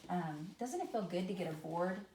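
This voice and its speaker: A woman's voice: lowish voice, animated, moderate pace, a little mellow, slight background noise. A woman English teacher giving a conversational lecture, repeating example words aloud and using casual fillers. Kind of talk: classroom lecture at a whiteboard. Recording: echoey room.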